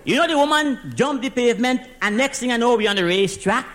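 A man with a Trinidadian accent performs a comic monologue as one side of a phone call. He plays a driving instructor reporting to his boss, speaking in dialect with excited storytelling and adding "sir" after almost every phrase. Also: very high voice, fast talker, background noise.

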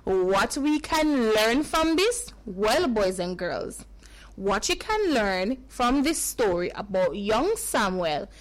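A woman's voice: mid-range voice, very animated, takes it slowly, low-quality recording. A woman telling a Bible story to children, repeating phrases and asking them questions.

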